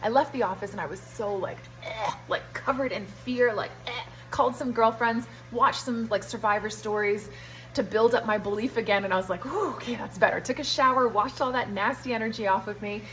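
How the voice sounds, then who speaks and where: Young woman with a higher voice telling her story. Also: a little fast, soft background music, low-quality recording. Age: young adult. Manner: animated retelling, brushing off details with "da, da, da". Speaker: health vlogger. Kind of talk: casual storytelling monologue.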